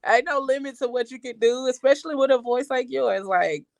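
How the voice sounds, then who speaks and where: A woman talking loudly and energetically in a casual podcast chat, full of slang and laughter. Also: fairly quick, creaky, no echo, studio quality. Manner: loud, high-energy and animated. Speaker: podcast guest.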